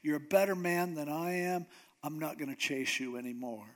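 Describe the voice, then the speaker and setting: A man's voice: fairly high pitch, big pitch swings, normal speed, fairly bright tone. A man putting on a tearful pleading king. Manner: pleading, apologetic.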